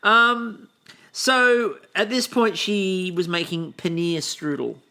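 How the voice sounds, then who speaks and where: A woman's voice: mid-range voice, takes it slowly, pushed and bright. A woman co-hosting a casual recap podcast. She laughs often and acts out the quotes she tells. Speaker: podcast co-host.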